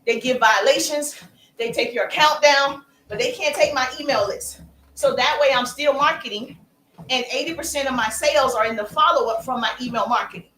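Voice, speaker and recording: A woman business coach talking on a live stream, energetic and calling out her viewers by name. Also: sits high, a little fast, echoey room, slight background noise, low-quality recording.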